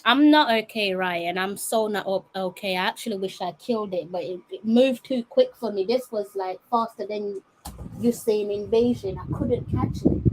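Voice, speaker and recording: A woman's voice: medium pitch, background noise. A young woman talking casually to her viewers, exasperated and dramatic, rambling on. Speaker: vlogger. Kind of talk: casual chat to camera.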